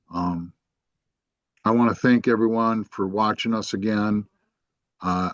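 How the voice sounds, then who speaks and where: A man hosting a podcast, commenting casually and haltingly, pausing on ums and restarts. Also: on the low side, no echo. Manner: hesitant, with frequent ums and restarts. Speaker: podcast host. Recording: dull, dry podcast audio.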